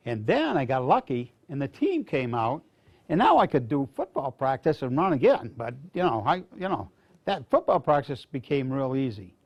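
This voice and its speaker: A man's voice: medium pitch, sing-song, moderate pace, lo-fi sound. An older man from Maine, a veteran speaking to students, telling folksy stories in a rambling, casual way. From Maine, USA. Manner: rambling, folksy anecdotes with restarts.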